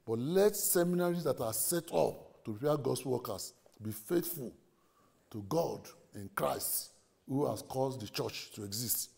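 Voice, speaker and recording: Earnest man with a gravelly voice. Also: mid-range voice, animated, unhurried, darkish tone. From Nigeria. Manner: earnest, pleading, lists numbered points. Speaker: seminary leader giving a conference address. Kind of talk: formal conference speech.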